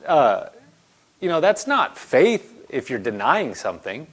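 Here a man preaches with a husky, medium-pitched voice, going a little slowly. He's earnest and conversational, voicing the people he quotes, and moves from an animated opening to a soft, gentle quietness.

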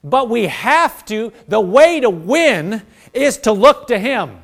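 A man's voice: sits high, sing-song, slow pace, gravelly. A man preaching a sermon, earnest, acting out the prayers of the people he addresses. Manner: earnest, acts out prayers in quoted voices.

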